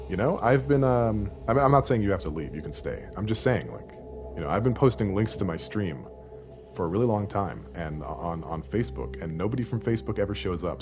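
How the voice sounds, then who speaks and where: A Canadian man near forty chats through a game stream in a lowish voice that swings widely from mumbles to loud outbursts. He jokes at his own expense and talks straight to his viewers, with game music playing clearly behind him. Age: late 30s. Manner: joking, self-deprecating, chatting with viewers. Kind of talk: casual game stream commentary.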